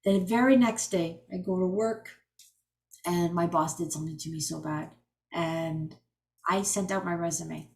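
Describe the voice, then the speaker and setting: A woman in her forties, an energy healing coach telling her personal story on a video call, chatty and animated with many restarts. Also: fairly low pitch, unhurried.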